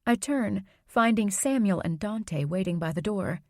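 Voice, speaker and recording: A woman's voice: mid-range voice, expressive, measured pace, a little mellow, no echo, clean studio sound. Woman narrating a romance audiobook. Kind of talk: first-person scripted narration.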